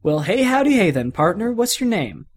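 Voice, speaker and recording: A man's voice: sits high, sing-song, moderate pace, breathy edge, pitched above the performer's own voice, full character voice. Man doing folksy cowboy toy, friendly, leader, drawling.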